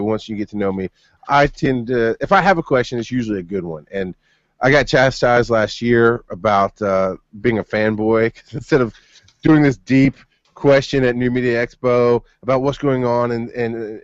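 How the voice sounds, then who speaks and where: A male co-host rambles through a story in relaxed chat and laughs now and then. The sound is dull and muffled, and the voice sits dry and close with no room around it. His pitch stays in an ordinary middle range. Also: dry recording. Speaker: podcast co-host. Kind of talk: casual chat. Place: home studio. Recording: muffled dry remote recording.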